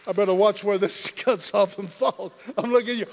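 A man preaching a lively sermon, telling his testimony with shouts, jokes and laughter. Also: high voice, brisk, vocal fry, hardly any pauses, big-room sound.

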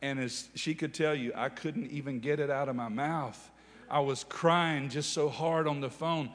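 A fairly high-voiced man preaching a sermon, telling a story with lively animation and rising to loud, emphatic declarations. His voice rings with the long reverb of a large hall. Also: normal speed. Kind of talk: sermon testimony.

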